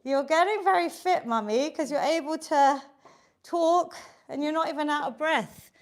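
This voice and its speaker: A woman with a high, bright voice teaches a live online workout class. She cheers the class on and counts reps aloud. She sounds a little out of breath. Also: normal speed. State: slightly out of breath. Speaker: fitness instructor.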